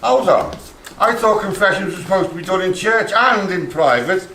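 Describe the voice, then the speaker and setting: Actor playing a blunt Liverpool dad. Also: male voice, high-pitched, lively intonation, moderate pace, bright, forceful tone, slight background noise, heavily acted. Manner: blunt, jokey, bristling. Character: blunt protective Liverpool father. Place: theatre stage. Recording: roomy stage sound from far off, faint ambience.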